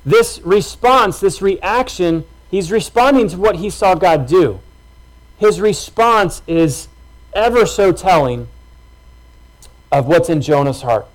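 A man's voice: high voice, takes it slowly, poor audio. A man preaching a sermon in a casual, conversational way, acting out everyday reactions. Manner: conversational, animated, acts out reactions. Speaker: pastor.

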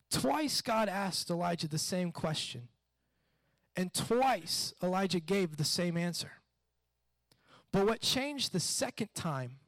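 High-voiced man preaching casually. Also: gravelly, no echo. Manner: conversational, animated preaching with repeated questions. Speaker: pastor. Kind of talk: sermon.

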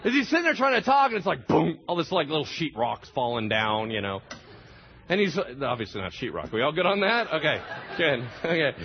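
A man's voice: on the high side, big pitch swings, fairly quick, dull audio, a little hiss or hum. A man preaching a sermon, telling the story with animation and acting out the voices of the people in it. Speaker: pastor.

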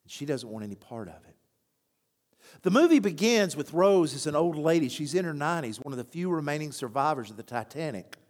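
A pastor, his voice fairly high-pitched, gives a sermon that echoes with a long reverb tail. He narrates stories in an animated way, voicing the people who appear in them.

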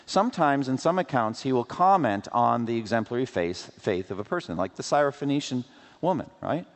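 This pastor speaks a little fast, his voice rising and falling with lively swings. Rhetorical questions and playful asides run through his sermon, which echoes with the long reverb of a large hall.

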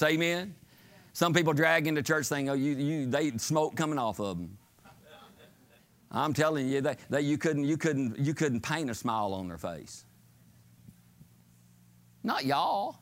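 Man preaching a sermon, bright and cutting, fervent and rising to shouts, a touch high. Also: big pitch swings, unhurried, long pauses. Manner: fervent, shouting climaxes, call-and-response asides.

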